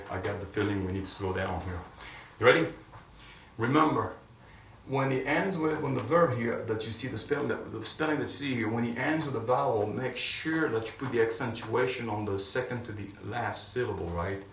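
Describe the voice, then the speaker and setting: A man teaching a Spanish lesson, cheerful and encouraging, drilling verb forms and praising unseen students. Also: medium pitch. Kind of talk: classroom lesson to camera. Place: classroom with whiteboard. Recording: echoey room, mic far off, faint room noise.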